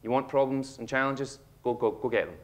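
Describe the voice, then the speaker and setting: A man in his thirties with a Scottish accent, giving a humorous motivational talk on stage and acting out a child's lines with animated storytelling. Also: medium pitch, a little fast. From Scotland. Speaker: speaker. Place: auditorium stage.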